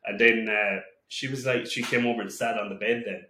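A man's voice: on the low side, fairly even intonation, brisk, bright, forceful tone. A man guesting on a podcast, telling rambling, swear-filled stories with many restarts. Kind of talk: casual storytelling. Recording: echoey room with faint noise.

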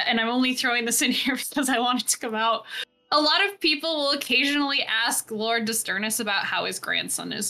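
A woman's voice: a little high, sharp tone. A woman running a tabletop game as game master, narrating in a chatty way with many fillers.

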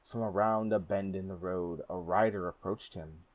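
A man narrating a folk tale in a steady, measured storybook reading. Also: deep voice, no room sound.

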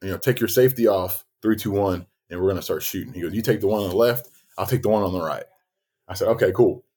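A man co-hosting a podcast, telling a story in casual chat, lively and swearing as he acts out quotes. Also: low voice, quick pace, breathy edge. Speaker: podcast co-host.

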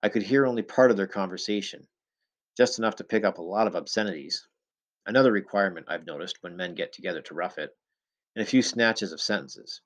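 A man reading a first-person story aloud in a steady, measured storytelling manner. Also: sits low. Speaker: audiobook narrator. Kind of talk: first-person scripted narration.

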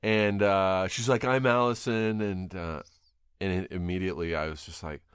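A middle-aged podcast host with a deep, low voice tells stories in a loose, casual way, swearing often and slipping into lively impressions. The recording is dry and close, with no room sound. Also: male voice, moderate pace, clean tone, no room sound. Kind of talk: casual chat.

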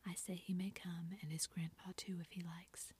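A woman's voice: on the low side, flat delivery, normal speed, a little mellow. A woman whispering a timid, shy girl, as whispered role-play. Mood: resolute. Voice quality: breathy whisper.

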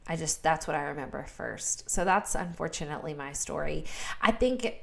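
A woman's voice: low voice, expressive, moderate pace, gravelly, a bit bright. A woman in her thirties speaking earnestly in a faith-based podcast conversation, repeating words for emphasis. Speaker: guest speaker.

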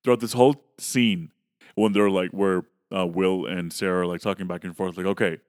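A man's voice: low-pitched, steady tone, moderate pace, darkish tone, no room sound, clean studio sound. A man casually recapping a film's plot on a podcast, loose and profane, acting out bits of dialogue. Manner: loose, profane retelling of plot with acted-out quotes. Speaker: podcast co-host. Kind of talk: casual movie recap chat.

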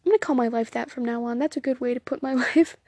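A woman's voice: fairly high pitch, fast, warm tone, no echo. Young Southern woman rambling on a phone podcast. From Southern United States. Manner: rambling, self-deprecating, giggly, many ums. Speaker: podcast host. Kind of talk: casual solo podcast chat.

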